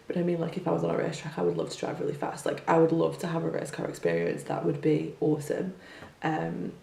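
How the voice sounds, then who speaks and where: A young woman who works as a teacher offers her opinions in a casual monologue, full of rhetorical questions and filler words. Her voice is fairly low and mellow, with vocal fry. The mic sits at a distance in an echoey room, with a faint hum.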